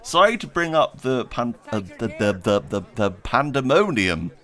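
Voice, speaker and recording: His medium-pitched voice is sing-song, pushed, and bright, at a normal speed. He's a streamer answering viewer questions, reading them from chat while playing, rambling casually, and laughing often at his own expense.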